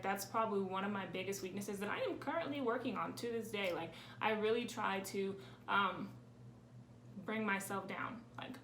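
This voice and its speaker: A woman's voice: medium pitch, fairly bright tone. Chatty young woman in a roomy space. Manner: chatty and candid, with frequent "like" fillers. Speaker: vlogger. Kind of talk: casual Q&A vlog. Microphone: camera on a tripod. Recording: roomy with faint ambient noise.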